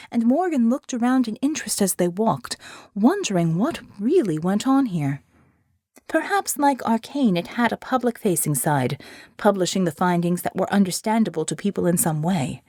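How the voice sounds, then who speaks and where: A woman narrating an audiobook in a clear, expressive reading, on a close mic. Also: mid-range voice, dry recording. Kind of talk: scripted narration.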